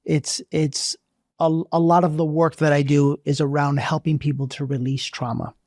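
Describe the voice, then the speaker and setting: A male podcast host with a somewhat high voice, asking his guest searching questions in a relaxed, conversational way. The sound is dry and close. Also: moderate pace, dry recording. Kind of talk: interview questions.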